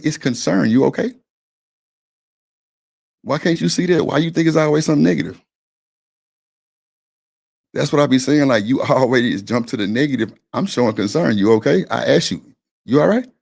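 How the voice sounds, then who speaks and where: A man's voice: mid-range voice, animated, normal speed, creaky, long pauses, a little mellow. A man hosting a live-stream panel, arguing his point in a blunt, profane, insistent way. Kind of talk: heated casual argument.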